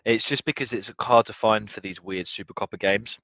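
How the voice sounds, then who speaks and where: A young man watching a football match live, tipsy, swearing and swinging from low muttering to excited yelling. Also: brisk, vocal fry, dry recording. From United Kingdom. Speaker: football fan streamer.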